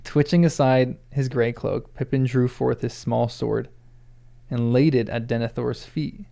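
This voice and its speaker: A man's voice: mid-range voice, fairly even intonation, a little slow, vocal fry, dark tone. A man reading a novel aloud for the first time, breaking off for laughing, self-deprecating asides. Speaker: first-time book reader.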